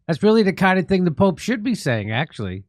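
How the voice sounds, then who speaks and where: A man's voice: high voice, big pitch swings, quick pace, dry recording. A man hosting a comedy talk show, laughing often and stumbling over his words. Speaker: host.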